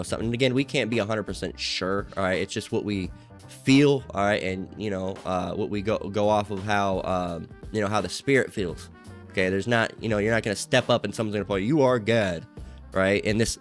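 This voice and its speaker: Low-pitched male commentator, rambling and profane, reads comments over faint guitar. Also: brisk. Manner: rambling, full of fillers and profanity. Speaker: online commentator. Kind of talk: casual commentary reading out comments.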